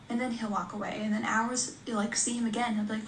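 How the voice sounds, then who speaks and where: A woman telling a story to camera in a soft, hushed voice, acting out quotes. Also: a little high, little pitch movement, quick pace, hardly any pauses. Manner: soft-spoken, acts out quotes. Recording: roomy with faint noise.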